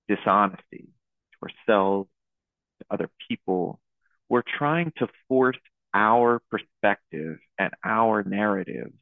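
A young man leading a Buddhist dharma talk, speaking in a halting, searching way with many restarts. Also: on the low side, no room sound. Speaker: teacher leading a Zen talk. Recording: tinny phone-like audio.

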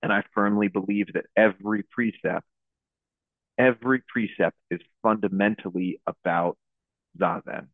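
A young man leading a Buddhist dharma talk, speaking in a halting, searching way with many restarts. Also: fairly low pitch, fairly even intonation, no room sound. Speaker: teacher leading a Zen talk. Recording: tinny phone-like audio.

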